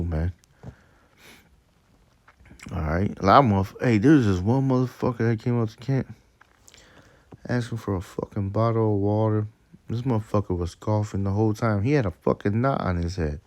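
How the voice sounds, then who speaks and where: Deep gravelly man, profane casual preaching. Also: moderate pace, darkish tone, dry recording. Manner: profane, emphatic, laughs at his own stories.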